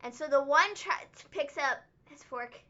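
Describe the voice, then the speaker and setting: A woman co-hosting a livestream recap, talking in an animated, excitable way and laughing often. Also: high voice, a little slow, highs cut off. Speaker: wrestling show co-host. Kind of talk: casual livestream recap chat.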